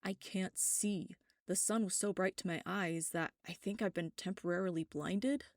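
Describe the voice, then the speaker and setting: A woman voicing a gentle young male vampire, quiet and strained, in a storybook reading. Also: on the low side, steady tone, normal speed, no room sound, studio quality, natural voice. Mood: pained.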